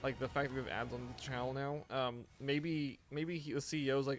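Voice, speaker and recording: A man's voice: medium pitch, fairly even intonation, brisk, soft background music. Tired, rambling male game streamer. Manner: rambling, many restarts, chatting with viewers. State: tired, yawning. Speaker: gaming streamer. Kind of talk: casual live-stream chat.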